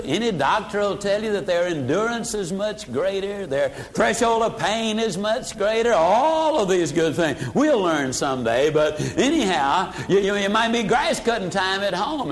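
An older man teaching a sales seminar in a folksy way, dropping his voice low for emphasis. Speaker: sales trainer. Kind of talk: motivational seminar talk.

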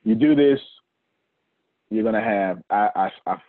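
Speaking a little slowly in a low voice, a man hosts a casual team meeting and gives out assignments between jokes and laughs, often repeating himself. There's no room sound, though the line is tinny like a phone.

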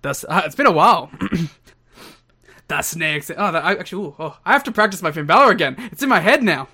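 A man's voice: sits high, very animated, very fast, pushed and bright. A man co-hosting a casual podcast, joking around, laughing often and putting on voices. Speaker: podcast co-host.

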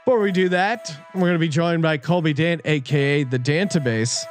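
A man hosting a sports betting podcast in casual chat, teasing his guests and quick to laugh. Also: on the high side, soft background music. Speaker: podcast host.

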